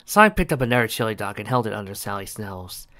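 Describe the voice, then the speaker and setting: Man narrator, storybook reading, lively, bright. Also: lowish voice, fast talker. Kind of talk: storybook fan-fiction reading.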